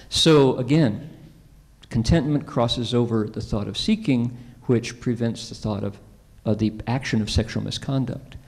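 A man's voice: medium pitch, measured pace. A male Buddhist monk giving a conversational conference talk, telling stories and asking the audience questions. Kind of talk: conference Dharma talk with storytelling. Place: convention centre hall. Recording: long hall reverb.

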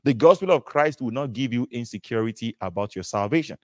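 A man preaching a sermon in an animated way, repeating phrases and asking rhetorical questions. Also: mid-range voice, fairly quick, no room sound.

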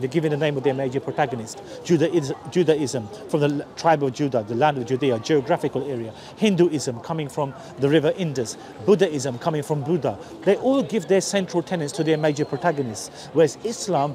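A man from East London with a Cockney accent, preaching earnestly outdoors and often restarting his sentences. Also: a little high. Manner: earnest, repetitive, frequent restarts. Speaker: street preacher. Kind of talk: persuasive street preaching. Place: outdoors on a busy city street. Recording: busy street crowd noise.

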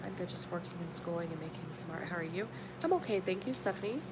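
A woman's voice: expressive, fast. Chatty woman live-streaming. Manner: chatty, affectionate, calls viewers honey and sweetie. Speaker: live-stream beauty vlogger. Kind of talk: casual live-stream chat greeting viewers. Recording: noisy with low rumble.

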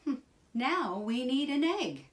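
A woman voicing a patient mother giving calm instructions in a children's storybook reading. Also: high-pitched, slow pace, pitched above the performer's own voice, full character voice. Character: patient, practical mother guiding her son.

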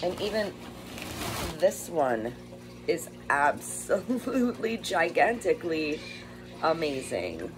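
A woman's voice: deep voice, very animated, slow pace, music in the background, poor audio. A woman chatting casually while unboxing bird toys, gushing over them and talking to her pet birds at home. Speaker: bird rescue vlogger.

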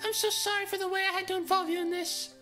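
A man doing a very high, bright-voiced solemn young woman. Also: level tone, fast, faint music behind. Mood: earnest. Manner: grand, formal speeches broken by flustered asides. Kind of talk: let's play voice-over of game dialogue.

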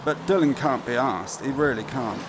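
A man's voice: medium pitch, moderate pace, very noisy. A man giving casual, chatty gameplay commentary; he swears freely and often mutters to himself. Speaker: gaming commentator.

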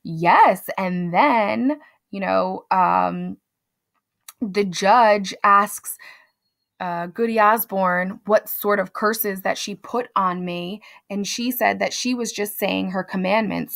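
A woman's voice: medium pitch, steady tone, takes it slowly, gravelly, a bit bright. A woman teacher casually summarizing a literary text for students in a conversational, chatty way. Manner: conversational, chatty, with fillers and asides. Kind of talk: casual spoken lesson summary.

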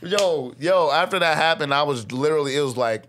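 In a podcast studio, a young rapper and army veteran appearing as a guest tells a story in slangy, casual speech, acting out what others said in raised voices. His voice is fairly high and fairly bright, a little fast, with slight background noise.

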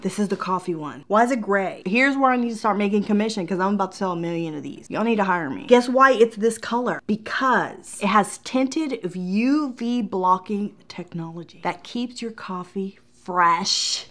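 A woman's voice: mid-range voice, slight background noise. A woman vlogger who grew up in Puerto Rico, reviewing store products in a gushing, chatty way and talking straight to her viewers, with a Southern American accent slipping in. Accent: Southern American slips in. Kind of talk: casual product review vlog.

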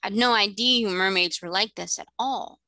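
A woman voicing an old, plain-spoken sailor man who talks slowly in a folksy way. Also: medium pitch, vocal fry, bright, forceful tone, no echo, clean studio sound. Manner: slow, folksy drawl.

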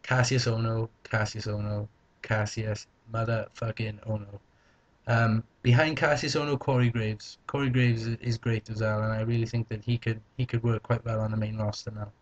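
A man's voice: medium pitch, level tone, a little fast, few pauses. A young man vlogging casually, answering viewer questions in a joking, playful way. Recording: slightly dull lo-fi recording.

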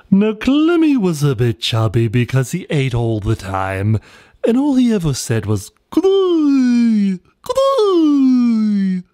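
A man narrates a children's cartoon story in a playful, whimsical way. His pitch swings very widely from line to line. The voice is recorded dry and close. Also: warm tone, dry recording.

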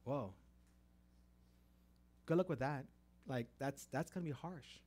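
Slow and mid-range in voice, a middle-aged man delivers a sermon built on stories. He restarts often, getting loud to stress a point and going soft again.

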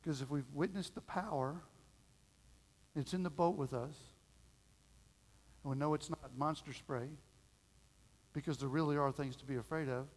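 Folksy preacher in a reverberant church. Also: male voice, mid-range voice. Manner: folksy storytelling, animated quoting of voices. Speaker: pastor. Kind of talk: sermon. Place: church sanctuary. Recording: long reverb of a church hall.

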